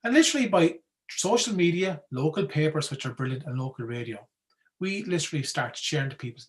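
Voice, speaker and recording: A man with a Wexford Irish accent, talking casually as a guest speaker about folklore in an animated, chatty way, often asking "right?". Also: mid-range voice, quick pace, rough recording. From Ireland. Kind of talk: casual talk.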